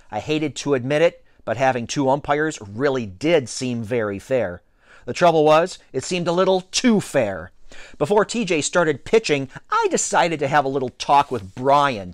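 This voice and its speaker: A man reading a children's book aloud as first-person narration, in an expressive storytelling manner. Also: fairly high pitch, dry recording, studio quality. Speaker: audiobook reader.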